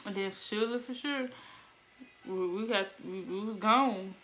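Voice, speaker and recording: Animated young woman telling a story. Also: medium pitch, normal speed, slight background noise. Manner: animated, laughs, acts out voices. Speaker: vlogger. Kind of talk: casual storytelling.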